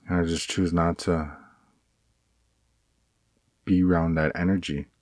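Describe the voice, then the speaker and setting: A man talking in a casual personal vlog, rambling and halting with many restarts, earnest and aggrieved. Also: sits low, fairly even intonation, a little mellow, dry recording, clean studio sound. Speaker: vlogger.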